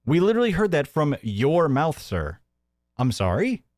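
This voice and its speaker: A man hosting a live-stream commentary show, sarcastic and mocking, often laughing and jumping into a high mimicking voice. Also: wildly swooping pitch, moderate pace, a little mellow, dry recording, studio quality.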